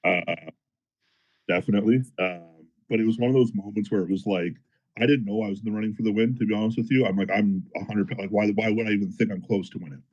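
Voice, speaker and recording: A man telling a story in a casual podcast chat, animated and profane, as a powerlifter guest. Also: on the low side, fast talker, dull audio. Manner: animated, profane, fired-up retelling.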